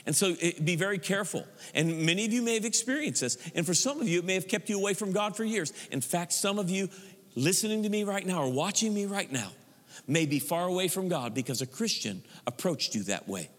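High-voiced pastor preaching in an echoing hall. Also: male voice, brisk. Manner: animated preaching, mocking churchy prayer voices. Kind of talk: sermon.

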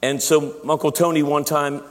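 A man's voice: fairly high pitch, flat delivery, moderate pace. A man preaching a sermon as pastor, chatty and self-deprecating, often restarting his sentences. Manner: conversational, self-deprecating humor, frequent restarts. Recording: long echo of a large hall.

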